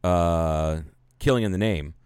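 A man with a low voice chats casually, telling stories in a lively, profane way. The sound is dry and close. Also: measured pace, clean tone, no echo. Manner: profane, animated storyteller. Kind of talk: casual chat.

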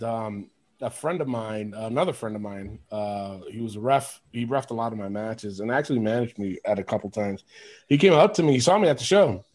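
A man hosting a podcast, telling stories in an animated, casual way, laughing often and swearing. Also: mid-range voice. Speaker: podcast host. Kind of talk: casual chat.

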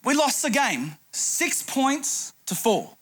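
A man's voice: extremely high pitch, big pitch swings, slow, fairly bright tone, a little hiss or hum. A middle-aged man preaching a sermon, telling a humorous anecdote as a pastor.

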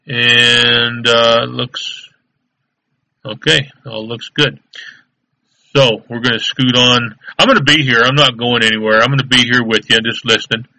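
A man's voice: mid-range voice, little pitch movement, measured pace, gravelly, sharp tone, low-quality recording. A man hosting a live internet radio show, chatting casually and rambling easygoingly with fillers.

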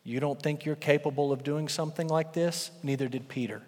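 Pastor preaching in a reverberant sanctuary, animated storyteller, man. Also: on the high side, a little fast. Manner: animated storytelling, swings from loud to hushed. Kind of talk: sermon. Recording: long hall reverb.

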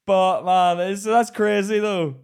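A man from Ireland co-hosting a podcast, talking in casual chat, animated and profane, acting out the voices of people in his stories. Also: high-pitched, slow, smooth. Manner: animated storyteller who swears and acts out quotes. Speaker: podcast co-host.

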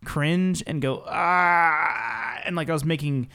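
Male podcast co-host, slightly high voice, expressive, playful. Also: normal speed, smooth. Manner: animated, dramatic reactions, teasing. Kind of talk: casual podcast chat.

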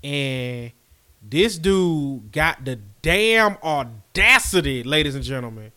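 A man's voice: a little high, animated, slow pace, sharp tone. A man, co-hosting a sports podcast in casual, emphatic, playfully indignant banter. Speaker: podcast co-host.

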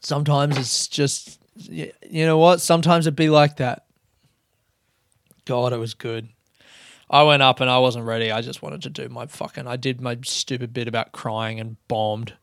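A man's voice: medium pitch, flat delivery, moderate pace, gravelly, no echo, clean studio sound. A young man, a comedian rambling loosely through stories in a sweary, self-mocking way. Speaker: comedian podcast host. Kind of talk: casual rambling monologue.

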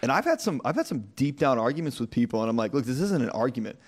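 A man's voice: mid-range voice, big pitch swings, quick pace, slightly rough. A man, a podcast guest who is new to church, speaking candidly and bluntly in casual conversation, arguing his points with everyday analogies. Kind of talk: casual interview chat.

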